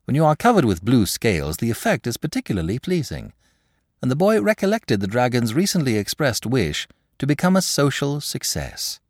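A man narrating a classic tale in a highly expressive, dramatic storytelling manner. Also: a little fast, dry recording, studio quality.

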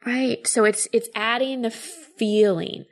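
A woman's voice: on the high side, fairly even intonation, slow pace. A woman coach giving advice in a casual chat, explaining thoughtfully with frequent filler words.

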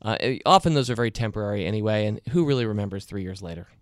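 A man's voice: lowish voice, lively intonation, racing, dry recording. A man speaking as a podcast guest, chatty and thinking aloud in a conversational interview.

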